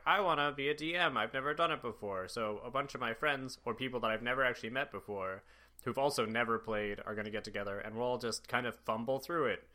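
A man's voice: lowish voice, pushed and bright. A young man hosting a podcast, chatting casually, rambling with lots of fillers and frequent laughs. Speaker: podcast host. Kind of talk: casual chat.

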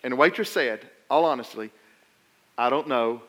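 A middle-aged man preaching a sermon, telling funny stories and swinging between loud emphasis and quiet asides. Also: medium pitch, moderate pace. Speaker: pastor.

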